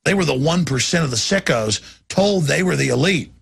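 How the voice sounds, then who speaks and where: A man's voice: on the high side, expressive, a little fast, a bit bright, no room sound, clean studio sound. A middle-aged man hosting a talk show, ranting intensely and acting out voices as he goes. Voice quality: gravelly. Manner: intense, acts out voices mid-rant. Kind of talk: impassioned talk-radio rant.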